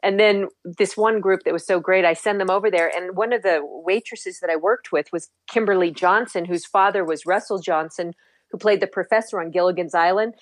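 A woman's voice: lowish voice, a little fast, no echo. A woman who once worked as a studio tour guide, reminiscing in a casual, affirming way. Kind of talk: casual chat.

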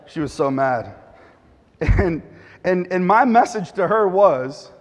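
A male pastor preaching a sermon, telling stories with lively sound effects and asides. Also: high voice, slow, lo-fi sound. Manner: animated storytelling with sound effects. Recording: echoey hall reverb.

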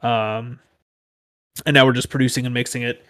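A man in his thirties talks in a loose, joking way, making fun of himself. His voice sits at an ordinary pitch, and he is chatting with friends as a returning guest. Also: little pitch movement, moderate pace, fairly bright tone. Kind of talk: casual chat.

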